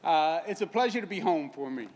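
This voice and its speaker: A man's voice: a little high, lively intonation, brisk, a little mellow, long reverb tail. A man in his sixties with a Queens New York accent gives an emphatic, folksy public speech to a crowd at an outdoor event. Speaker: governor.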